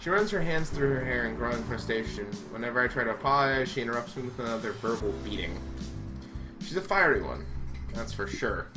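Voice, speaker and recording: A man's voice: medium pitch, expressive, brisk, music in the background. A man reading a visual novel aloud, dramatic and full of sarcastic asides. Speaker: game reader.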